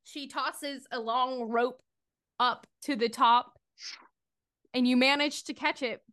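High-voiced woman game master narrating. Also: fairly even intonation, slow, fairly bright tone, clear, resonant tone. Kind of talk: narrating a tabletop horror game.

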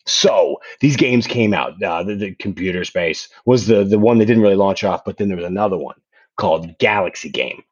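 A man hosting a casual podcast, telling history in an animated way with swearing and many restarts. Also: deep voice, normal speed, husky. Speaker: podcast host. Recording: dull lo-fi sound.

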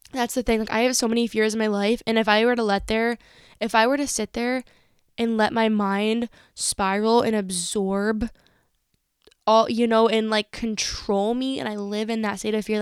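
Young woman podcaster, super clear voice, dry close mic, blunt pep talk vibe. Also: a little high, no echo. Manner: candid, motivational, uses slang and swearing. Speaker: podcast host. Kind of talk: casual solo podcast talk.

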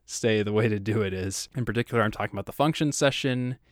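A man with a low voice trades opinions and jokes in a relaxed tech podcast conversation. The sound is dry and close, with no room around it. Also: fast, dry recording. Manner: chatty, joking, opinionated. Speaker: podcast co-host. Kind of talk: casual tech podcast chat.

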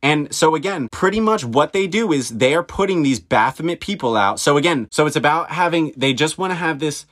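A man's voice: fairly high pitch, expressive, fairly quick, few pauses, a bit bright. Insistent man hosting a solo podcast. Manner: insistent and repetitive, firing rhetorical questions. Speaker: podcast host. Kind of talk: solo monologue.

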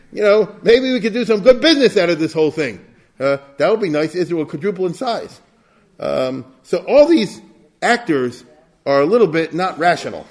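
Male lecturer, slightly high voice, casual storytelling delivery with Yiddish and Hebrew asides. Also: a little mellow. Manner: storytelling, acts out quotes, asks the listeners "you get it?"; sprinkles Yiddish and Hebrew terms. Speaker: history lecturer. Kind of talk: informal history lecture.

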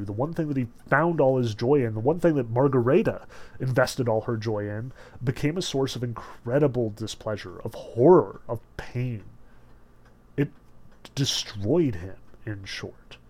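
A man's voice: mid-range voice, a little mellow. Casual man explaining a novel. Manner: casual, many "like" fillers. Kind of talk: casual book discussion.

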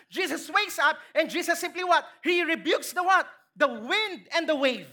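A woman's voice: extremely high pitch, animated, moderate pace, few pauses, sharp tone. A woman with a Filipino accent preaching a sermon, asking the congregation questions and acting out quotes.

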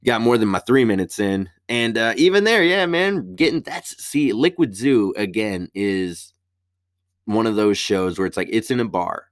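A man's voice: fairly low pitch, expressive, moderate pace, no room sound, clean studio sound. A young man, a stand-up comic, telling a profane story in casual chat. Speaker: stand-up comedian.

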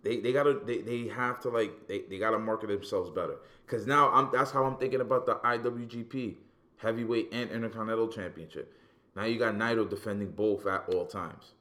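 A man with a somewhat low voice chats casually as a podcast co-host. He gets animated and profane, restarting phrases as his excitement builds. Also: a little fast. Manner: animated, profane, repeats words when excited. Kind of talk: casual wrestling talk.

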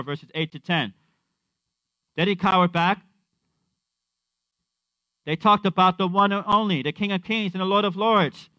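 A man's voice: high-pitched, bright, forceful tone, no echo, lo-fi sound. A man preaching a conversational sermon, repeating his refrains and acting out quotes.

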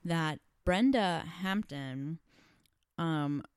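A woman's voice: sits low, lively intonation, drawn-out words, clear, resonant tone, dry recording, studio quality. A woman co-hosting a podcast in casual chat, opinionated and making her case. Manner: opinionated, argues her reading of the episode. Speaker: podcast co-host.

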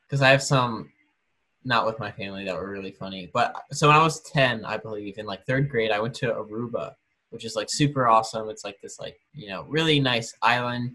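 A man co-hosting a casual podcast chat, telling a story in a relaxed way with fillers and imitating others. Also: medium pitch. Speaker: podcast co-host.

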